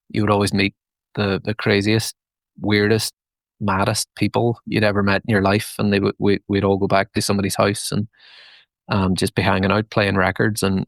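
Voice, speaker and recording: A man's voice: fairly low pitch, vocal fry, no room sound. A Northern Irish man in his thirties, a band frontman chatting casually in an interview, rambling through stories with lots of restarts and fillers. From Northern Ireland. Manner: rambling, many restarts and fillers, relaxed storytelling.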